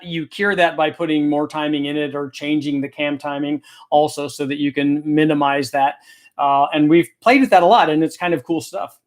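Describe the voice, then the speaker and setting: A middle-aged man hosting a casual Q&A, explaining engine tech in a relaxed, thinking-aloud way. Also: on the high side. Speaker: host answering viewer questions. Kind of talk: casual technical Q&A chat.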